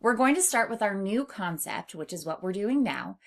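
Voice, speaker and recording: A woman teaching a phonics lesson, speaking slowly and stretching words out syllable by syllable. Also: medium pitch, animated. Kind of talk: slow, clear classroom instruction.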